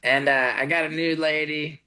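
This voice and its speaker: Bright-voiced man rambling as a guest. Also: a little high, steady tone, clear, resonant tone, rough recording. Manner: halting, lots of fillers and restarts, laughs along. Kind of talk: casual chat over a video call. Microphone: video call.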